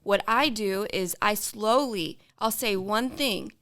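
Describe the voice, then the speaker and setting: A woman and mother speaking in a casual podcast chat, soft-spoken and hesitant, reflecting on trust. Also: mid-range voice, slow pace.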